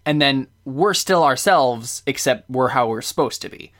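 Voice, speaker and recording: A man's voice: mid-range voice, normal speed. A young man co-hosting a podcast, chatting casually and explaining faith topics thoughtfully, with easy laughs. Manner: thoughtful, explains scripture calmly, laughs easily. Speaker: podcast co-host. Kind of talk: casual chat.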